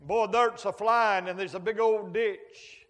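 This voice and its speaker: A man's voice: sits high, fairly even intonation, a little slow, fairly bright tone. A man preaching a folksy sermon, telling stories with sound effects and humor as a traveling preacher. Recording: long hall reverb.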